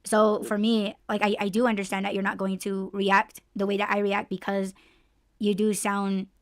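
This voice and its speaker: A woman hosting a casual podcast chat, talking in an excitable, expressive way and laughing often. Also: mid-range voice, normal speed, no room sound, studio quality. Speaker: podcast host.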